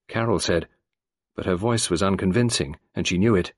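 A man narrating an audiobook in a measured, expressive way. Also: sits low, breathy edge, dry recording, studio quality.

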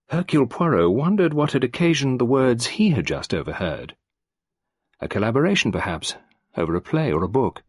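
A man narrating an audiobook in a measured, expressive way. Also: mid-range voice, husky, no echo, clean studio sound.

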